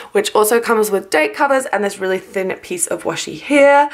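In a casual haul video, a young woman shows off planner stickers, gushing with compliments about each one. Her middle-pitched voice has a sleepy, just-woke-up quality, with yawns and plenty of likes and ums.

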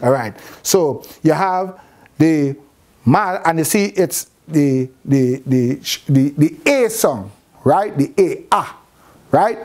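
A man's voice: a little high, lively intonation, darkish tone. A man teaching a class about Hebrew letters and words, often asking the students questions and stopping to correct himself. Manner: asks questions of the class, pauses and restarts. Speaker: Bible teacher.

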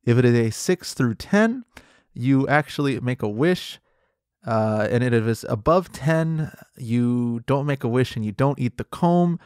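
A young man hosting a comedy podcast, rambling through absurd narration and a mock interview in a deadpan way. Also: mid-range voice, clear, resonant tone, dry recording, studio quality.

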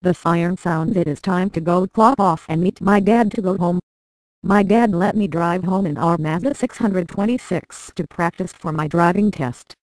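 A computer-generated woman's voice reading a memoir aloud in a flat, synthetic way with odd word stresses. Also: on the low side, normal speed, dry recording, poor audio. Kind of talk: text-to-speech narration of a memoir.

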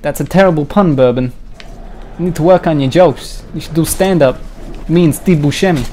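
A man's voice: a little high, brisk, mellow, slight background noise. A young Australian man giving crude, jokey commentary while playing a video game, with bursts of mock panic. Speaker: let's-play gamer. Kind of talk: joking gameplay commentary.

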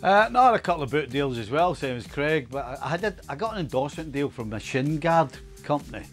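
Middle-aged male pundit, wry grumbler, slightly high voice, with faint music underneath. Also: big pitch swings, fast. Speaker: football pundit, former player. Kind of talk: casual studio chat.

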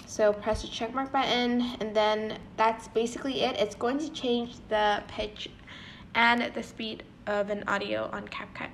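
A chatty woman with a fairly high voice walks viewers through an app tutorial. She talks casually and catches her own slips with a quick apology. A faint hum sits behind her. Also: level tone. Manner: chatty, corrects herself with quick "sorry"s. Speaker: tutorial channel host.

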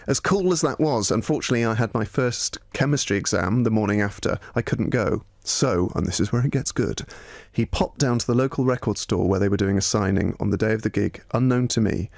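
A man's voice: lowish voice, gravelly, dry recording. A man with a Bristolian accent co-hosting a comedy podcast, dry and mock-formal as he reads out listener messages. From Bristol, England. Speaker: radio podcast co-host. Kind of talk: casual comedy chat.

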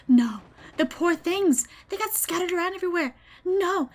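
A young woman giving casual commentary while playing a video game, quick to get excited, squeal and laugh. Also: very high-pitched, very noisy. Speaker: gaming video host. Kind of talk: live gameplay commentary.

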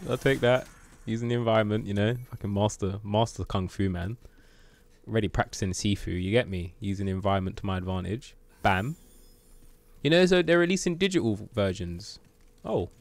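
A man giving lively commentary on his game during a live stream, full of exclamations, sound effects and swearing. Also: on the low side, moderate pace.

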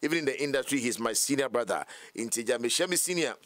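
A man's voice: mid-range voice, animated, fast, fairly bright tone. A Ghanaian man hosts a radio talk show, reading out listener messages and contact numbers. His voice sits in the middle of the male range. The sound is close and dry, with no room echo. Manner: reads listener messages and phone numbers aloud, brief acknowledgements. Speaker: radio host. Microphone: studio mic.

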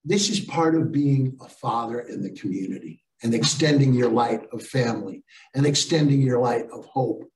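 A man's voice: mid-range voice, moderate pace, roomy sound, far from the mic, low-quality recording. An older man giving a motivational storytelling talk to teachers, acting out the voices of people in his stories. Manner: animated, acts out voices in stories. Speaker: storytelling speaker.

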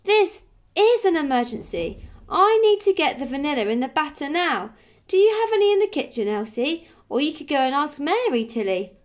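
A woman's voice: high voice, big pitch swings, normal speed, voice pushed up. Woman doing a frantic young baker man. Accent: English. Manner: wailing, frantic. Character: panicked young male baker.

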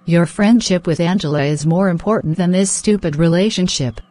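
A woman voicing a stern, caring middle-aged mother in an animated drama, firm and lecturing. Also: on the low side, moderate pace, no echo, close to an everyday voice. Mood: scolding.

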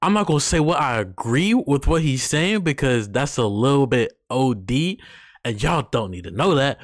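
A young man hosting a reaction video, talking in an excitable, rambling way with drawn-out phrasing. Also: medium pitch, no echo, clean studio sound. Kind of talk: casual reaction commentary.

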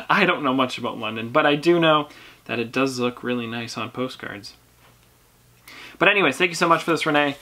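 A young vlogger talks casually at home in a bright, forward voice. The pitch sits right in the middle, and the delivery stays chatty and upbeat, with running asides to viewers between lines. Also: moderate pace, pauses often. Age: teenager. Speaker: YouTube collector channel host. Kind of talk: casual mail-opening vlog.

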